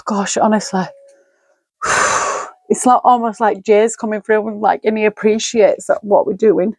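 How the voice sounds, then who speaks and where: A woman's voice: mid-range voice, fairly even intonation, a little slow, dry recording. A woman in middle age giving a solo tarot reading at home, musing aloud, naming card words and sighing often. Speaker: tarot reader.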